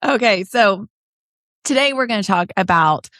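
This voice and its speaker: A woman's voice: mid-range voice, normal speed, dry recording, clean studio sound. A middle-aged woman co-hosting a podcast in casual chat, telling stories and laughing often. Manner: chatty, laughing, animated storytelling. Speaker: podcast co-host.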